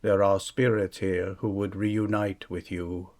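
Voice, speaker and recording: A man voicing a sad, long-faced male spirit servant who speaks slowly and formally in a monotone bass. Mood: solemn. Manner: slow, flat and formal.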